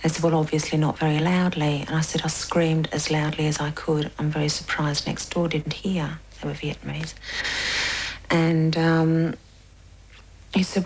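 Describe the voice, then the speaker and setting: A woman giving documentary interview testimony, recounting quietly and sometimes dropping almost to a whisper. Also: low-pitched, little pitch movement, normal speed, husky, poor audio. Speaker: interviewee recounting police questioning.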